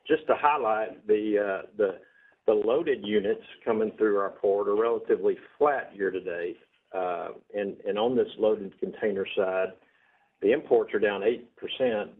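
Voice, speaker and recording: Steady male executive, lowish voice, businesslike report over phone-band audio. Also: breathy edge. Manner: steady, businesslike, figure-heavy. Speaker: port executive giving a report. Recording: tinny phone-like broadcast audio.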